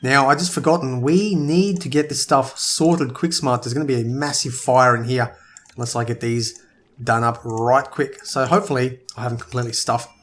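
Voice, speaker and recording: A man's voice: medium pitch, fairly even intonation, normal speed, fairly bright tone. A man giving casual gameplay commentary, thinking aloud and sometimes tripping over his words. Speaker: let's play gamer.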